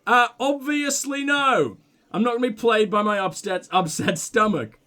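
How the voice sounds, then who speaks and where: A man's voice: high-pitched, animated, normal speed, pushed and bright. A young man hosting a let's play, joking and reacting as he reads the game's text aloud. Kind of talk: gameplay commentary.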